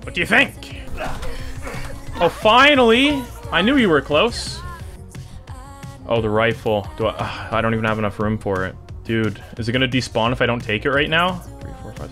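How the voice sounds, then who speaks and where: A young man giving let's play commentary, excitable and taunting the enemies on screen. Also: mid-range voice. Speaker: gaming YouTuber.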